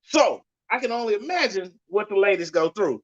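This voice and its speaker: A man's voice: animated, moderate pace. Ranting, profane man host. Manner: loud, blunt, cursing rants with sudden pitch jumps. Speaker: podcast host. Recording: dull lo-fi sound.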